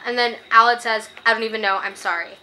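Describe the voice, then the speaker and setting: A woman's voice: fairly high pitch, fairly even intonation, fast talker, pushed and bright, a little hiss or hum. A young woman giving a casual book review, passionate and opinionated, getting worked up and reading quoted passages aloud.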